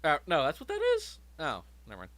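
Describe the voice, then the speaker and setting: A man's voice: on the high side, wildly swooping pitch, fast talker, a crowd in the background. A man running a tabletop game as game master, joking and swearing freely.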